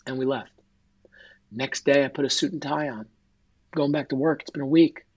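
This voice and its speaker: A man with a husky, slightly breathy voice speaks as an interview guest, telling a personal story with real feeling. He often slips into quoted dialogue as he retells what others said. His pitch sits in an ordinary middle range. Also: fairly even intonation, normal speed, muffled recording. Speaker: guest, author.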